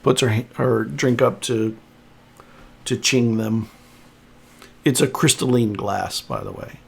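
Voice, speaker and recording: A man narrating as game master in a tabletop roleplaying game, unhurried and descriptive. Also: mid-range voice, lively intonation, creaky, husky. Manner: unhurried, descriptive, chuckles often.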